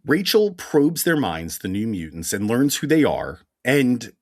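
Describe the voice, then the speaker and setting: A man with a Philadelphia accent and a husky voice talks through a comic recap with a lively, swooping pitch. He is wry and deadpan and likes to stretch out a sports metaphor. The sound is dry and close, as on a home podcast mic. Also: unhurried, no room sound. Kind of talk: casual chat recap.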